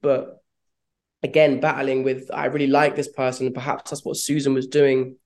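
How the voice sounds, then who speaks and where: A man's voice: mid-range voice, little pitch movement, normal speed. A man, an actor answering interview questions in a reflective, rambling way, with frequent laughs. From London, England. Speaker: actor guest.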